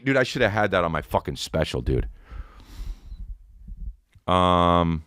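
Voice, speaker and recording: In a low-pitched voice, a man hosting a podcast rambles through a profane, animated comedic rant, pausing often, speaking a little slowly, and occasionally singing snippets. His tone is clean, and the studio recording is dry.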